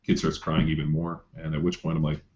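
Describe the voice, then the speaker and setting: A man's voice: extremely low pitch, monotone, a little fast, a little mellow, slight background noise. A man coaching athletes, rambling through a story in casual chat with lots of fillers and swearing. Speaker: coach telling a client story. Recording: dull lo-fi sound.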